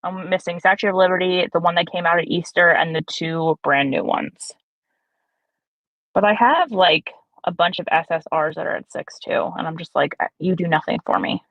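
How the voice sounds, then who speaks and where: A woman chatting casually while streaming a game, animated and self-mocking. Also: lowish voice, normal speed, dry recording. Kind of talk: casual gaming chat. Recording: slightly dull lo-fi stream audio.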